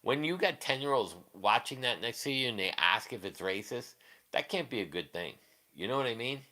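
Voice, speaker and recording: A man chatting casually on his live stream and answering viewers in a rambling, crude way, with quick laughs and many restarts. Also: medium pitch, lively intonation, pushed and bright.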